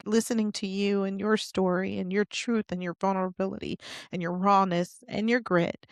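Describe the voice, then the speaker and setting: A woman hosting a podcast interview, speaking haltingly with frequent restarts. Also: mid-range voice, creaky, no echo, studio quality. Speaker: podcast host. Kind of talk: interview conversation.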